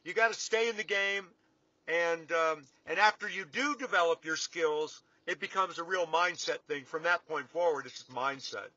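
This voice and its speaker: A man's voice: a little high, moderate pace, sharp tone, no echo. A middle-aged man giving an earnest, folksy motivational talk to his clients, repeating his points for emphasis. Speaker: business coach addressing clients. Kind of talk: casual motivational talk to camera. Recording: dull lo-fi, dry sound.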